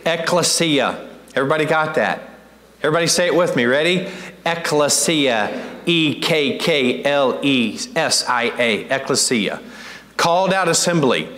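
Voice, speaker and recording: Halting pastor man in an echoey church. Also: a little high, fairly bright tone. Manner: conversational, halting, with many restarts; asks the congregation questions. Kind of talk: teaching sermon. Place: church sanctuary.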